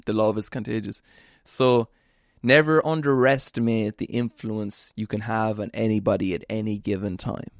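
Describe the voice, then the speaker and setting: A man's voice: fairly low pitch, steady tone, moderate pace, no room sound, clean studio sound. A young man, talking alone in a casual, earnest, storytelling way with self-deprecating asides. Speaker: podcast host. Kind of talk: casual monologue.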